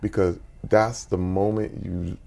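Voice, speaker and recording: A man in his forties, a guest in an interview, telling personal stories in an animated way and acting out quotes with big jumps in his voice. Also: low-pitched, slow pace, creaky. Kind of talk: conversational storytelling.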